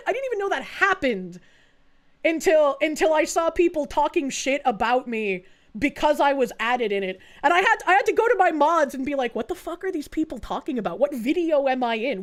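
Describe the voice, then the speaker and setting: Young woman streamer, high voice, foul-mouthed, animated casual chat, laughs a lot. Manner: swears a lot, laughs often, animated storytelling. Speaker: VTuber streamer.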